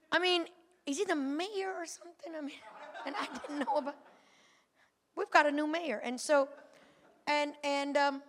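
A woman giving a personal testimony to a church congregation, moving from a quiet retelling to fervent calls. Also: high-pitched. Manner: builds from quiet storytelling to fervent shouting. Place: church sanctuary. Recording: long church hall reverb.

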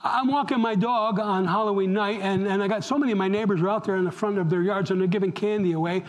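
A man's voice: sits high, quick pace, low-quality recording. A man preaching a sermon, talking straight to the congregation and asking them questions. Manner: animated, asks the congregation questions. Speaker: pastor.

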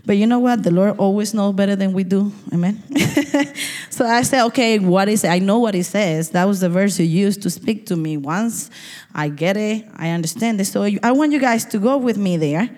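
A woman's voice: medium pitch, normal speed. Woman preaching in an echoing church. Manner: lively, laughing, conversational preaching. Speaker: pastor. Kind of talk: sermon. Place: church sanctuary. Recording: church hall reverb.

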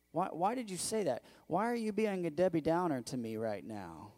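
A male pastor preaching a conversational sermon, asking the congregation questions and acting out quoted voices, moving between loud bursts and quiet low asides. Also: big pitch swings, fast talker, few pauses.

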